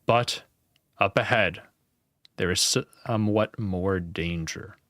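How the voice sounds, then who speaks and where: Calm, informative spell voice, voiced by a man. Low and dry, with little acting. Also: takes it slowly, no room sound. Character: calm, familiar disembodied spell voice.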